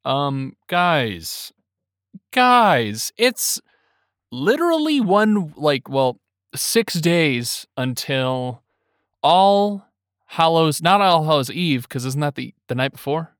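A man's voice: on the high side, big pitch swings, slow, a bit bright, clear, resonant tone, no echo. Joking young man, dry close sound. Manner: joking, rambling, lots of fillers. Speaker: podcast co-host. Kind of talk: casual comedic chat.

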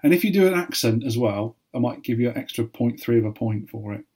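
A man's voice: mid-range voice, fast, husky. Teasing man running a quiz. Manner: teasing, deadpan jokes. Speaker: podcast co-host, quizmaster. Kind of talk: casual chat, playful quiz hosting.

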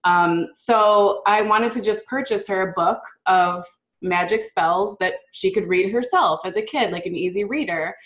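Speaking at a measured pace with a medium-pitched, fairly bright tone, a woman discusses her children's book in a relaxed interview. Upbeat and talkative, she leans on fillers like "um" and "like" and slips into a child's voice for quotes.

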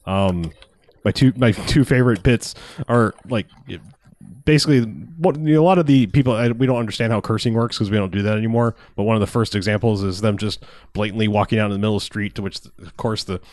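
A man's voice: lowish voice, fast, a little mellow, dry recording, studio quality. Laid-back man rambling with a laugh. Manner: rambling, laughing, swearing, acting out movie lines. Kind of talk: casual chat.

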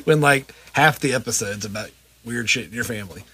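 A man's voice: medium pitch, brisk, bright, forceful tone, slightly rough. A young adult man co-hosting a podcast, teasing and laughing often, with profane banter. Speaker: podcast co-host. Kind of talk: casual comedy podcast chat.

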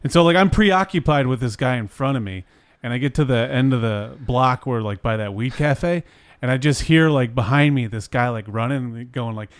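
A young man rambles through a story in loose casual chat, packing every pause with "like" and the odd swear. His voice sits at a middle pitch and sounds close and dry, with no room around it. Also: no room sound.

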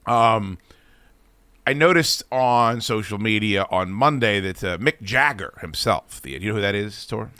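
A male talk-show host rants to his crew in a forceful, bright voice, swearing his way through an animated tirade. The sound is dry and close, with no room in it. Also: fairly low pitch, measured pace, clean tone, no room sound. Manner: profane, animated venting. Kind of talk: casual chat and ranting.

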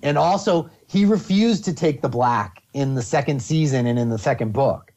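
A man in casual podcast chat, talking at length in a rambling, animated way with many restarts. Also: mid-range voice, moderate pace.

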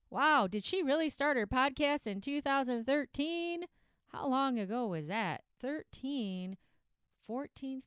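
A woman's voice: high-pitched, smooth, no echo, clean studio sound. A woman voicing a self-pitying, procrastinating dieter who rambles and keeps getting distracted by food, in a comedic skit inside a podcast. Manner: rambling, procrastinating, easily sidetracked.

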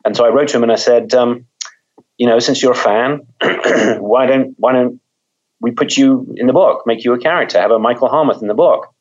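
A man's voice: medium pitch, a little fast, a little mellow, muffled recording. A man, a mystery author, talking in a conversational interview, thoughtful, often repeating words as he thinks.

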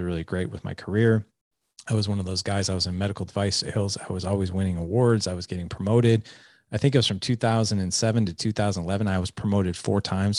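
A man's voice: sits low, gravelly, a little mellow, no room sound, clean studio sound. A man in his forties, a podcast guest, earnestly telling a personal story in a candid, confessional way. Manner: earnest, confessional, with frequent restarts and "like".

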